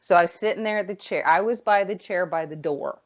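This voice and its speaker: A woman's voice: lowish voice, brisk. Woman telling a story on a podcast, does the voices, swears a lot, kinda muffled audio. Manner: animated storyteller, acts out quotes, swears freely. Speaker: guest. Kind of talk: casual podcast chat.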